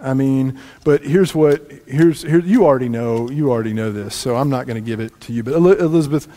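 A man preaching a sermon as pastor, telling a family story with lively shifts between loud lines and quiet asides. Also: mid-range voice, a little fast. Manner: animated, swings from loud to hushed asides. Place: church sanctuary. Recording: long reverb in a large room.

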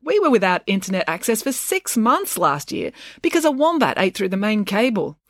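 A woman voicing an excitable, theatrical young girl in a storybook, chatty and dramatic. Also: medium pitch, normal speed, dry recording, clean studio sound, pitched above the performer's own voice. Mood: excited.

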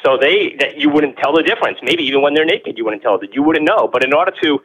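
A man talks quickly and emphatically as an interview guest, with a slightly raised pitch. He stacks rhetorical questions and repeats words as he builds his points. The sound has a radio-show quality. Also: expressive, fairly bright tone, husky, low-quality recording. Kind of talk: animated opinionated explanation.

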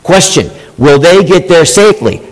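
A man preaches a Sunday sermon in a slightly high voice, hammering home key phrases by repeating them. He slips now and then into mock-sweet sarcasm. His voice rings out with a long reverb, as in a large church sanctuary. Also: lively intonation, moderate pace. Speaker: pastor.

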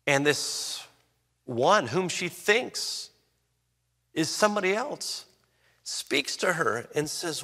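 A man's voice: expressive, takes it slowly, long pauses. Preaching man in an echoing hall. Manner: emphatic preaching with swings in pitch and loudness. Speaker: pastor. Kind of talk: sermon. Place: church sanctuary. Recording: long reverb of a large hall.

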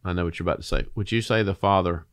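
Lower-voiced man hosting a faith chat. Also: fairly even intonation, rapid-fire, clear, resonant tone. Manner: playful questioner who turns to preaching. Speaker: host. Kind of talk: casual faith conversation.

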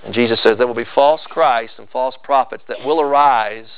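A man preaching a sermon with emphatic delivery, swinging into loud, high bursts on key phrases. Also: normal speed, smooth, highs cut off. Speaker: pastor.

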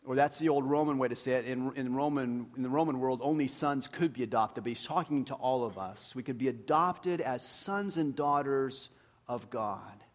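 An earnest pastor preaching a sermon, his voice pitched in the ordinary middle range for a man. He leans into his points and sinks to a hushed near-murmur to stress them. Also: moderate pace. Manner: earnest, drops to a hushed voice for emphasis.

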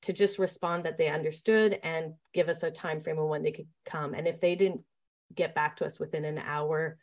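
A woman with a slightly low voice tells her story in an easygoing interview. She is chatty and often starts over with fillers like "um" and "like." She speaks as a camp staff leader looking back on her work. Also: steady tone, normal speed. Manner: chatty, with many fillers and restarts.

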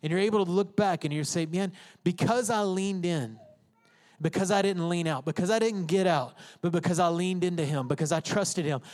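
A pastor with a high, bright voice delivers a sermon from the stage, his words echoing through a reverberant sanctuary hall. He speaks fast and emphatically yet conversationally, with few pauses, slipping into the voices and prayers of his congregation.

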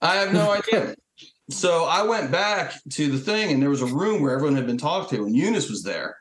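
A man's voice: fairly high pitch, a little fast. A man telling stories casually as a veteran guest, swearing often and acting out quotes. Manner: profane and animated, acting out quotes. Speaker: Marine Corps veteran guest. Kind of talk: casual storytelling. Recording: echoey room.

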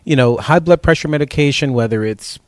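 A man's voice: fairly high pitch, brisk, no room sound, studio quality. A man hosting a health talk show, chatting casually and rambling, with many fillers.

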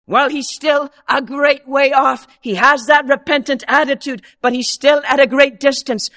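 An earnest male preacher delivering a sermon in a very high-pitched voice. His tone is bright and ringing. He swings between soft, low asides and raised, dramatic quotations. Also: fairly even intonation, normal speed, few pauses.

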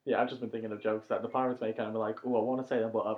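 A man's voice: fairly low pitch, level tone, rapid-fire. A man co-hosting a casual podcast, speaking in a dry, matter-of-fact, critical way as he reviews a cartoon episode. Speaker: podcast co-host. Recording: muffled recording in a roomy space.

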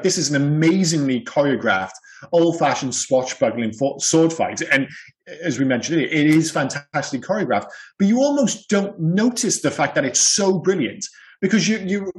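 A man's voice: fairly high pitch, low-quality recording. A man co-hosting a podcast, talking in an enthusiastic, rambling way and laughing often. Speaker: podcast co-host. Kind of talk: casual chat.

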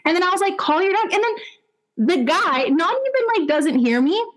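A young adult woman, a dog trainer, telling stories in casual podcast chat, animated, swearing freely and using lots of fillers. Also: very high voice, normal speed.

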